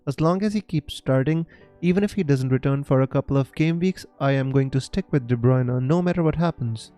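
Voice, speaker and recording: A young Indian man with an Indian English accent, chatting casually on a live stream, halting with many fillers as he answers viewers. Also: medium pitch, mellow, soft background music. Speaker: fantasy football streamer.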